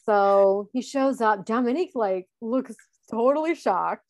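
A woman's voice: fairly high pitch, unhurried, darkish tone, slight background noise. A woman co-hosting a podcast, casually recapping a show, laughing often and acting out lines. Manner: chatty, laughs often, acts out quotes. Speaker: podcast co-host.

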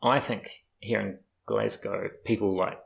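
A man's voice: on the low side, steady tone, a little slow, creaky, rough recording. A young man from New Zealand in casual, rambling chat, swearing freely as he talks about life abroad.

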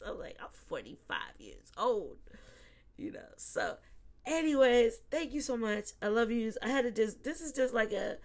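A woman in her forties hosting a psychic podcast, chatting casually with listeners, laughing often and dropping to a soft, quiet voice when reflective. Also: fairly high pitch, big pitch swings, moderate pace. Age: 40s.

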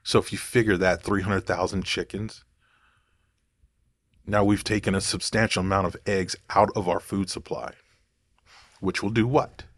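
A man's voice: sits low, fairly even intonation, normal speed, pauses often, no room sound, studio quality. A man talking casually to camera in a rambling, digressive way, thinking aloud as he goes. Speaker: vlogger.

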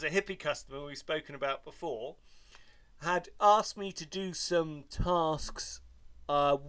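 A man's voice: fairly high pitch, a bit bright, no echo. A middle-aged man, a podcast co-host, telling stories in a wry, self-mocking way and swearing freely in casual chat.

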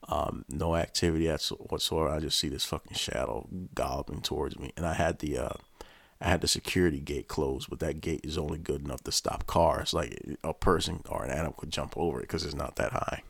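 A man with a deep, gravelly voice tells a story as a podcast host. He rambles casually and swears constantly. The sound is dry and close. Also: steady tone, fairly quick, a bit bright, dry recording. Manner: profane, rambling.

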